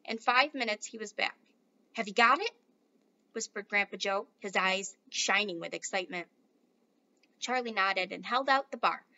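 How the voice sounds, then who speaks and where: A woman's voice: medium pitch, moderate pace, highs cut off. A woman, a teacher, reading a storybook aloud and speaking directly to her listeners in a friendly way. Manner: warm, friendly address to listeners.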